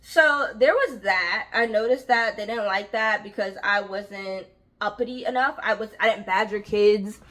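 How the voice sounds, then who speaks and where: Animated, bright-voiced young woman. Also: medium pitch, a little slow. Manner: animated, acts out voices of people in her story; frank, uses slang and swearing. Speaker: vlogger telling a work story. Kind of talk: casual storytelling vlog.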